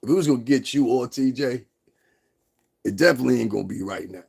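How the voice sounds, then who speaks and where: Brief: profane, confrontational livestream host, gravelly and husky, laughs a lot. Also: male voice, medium pitch, fast talker, a little mellow. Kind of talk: casual livestream rant.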